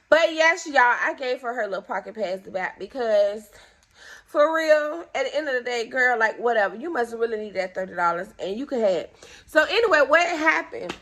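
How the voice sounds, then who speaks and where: Animated woman telling a story. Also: a little high, normal speed. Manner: animated, acts out both sides of conversations; indignant, exasperated. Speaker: vlogger telling a story time. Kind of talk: casual storytelling to camera.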